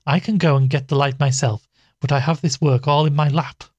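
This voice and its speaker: A man reading a storybook voices an impatient, sharp-tongued woman who scolds her sisters peremptorily. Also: fairly high pitch, steady tone, a little fast, breathy edge, dry recording, highs cut off, pitched above the performer's own voice. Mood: scolding.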